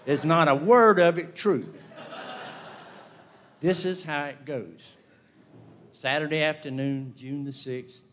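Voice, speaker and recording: Man, memorial speech, animated storyteller, acts out dialogue, comic timing, event hall. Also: mid-range voice, a little hiss or hum. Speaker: eulogy speaker.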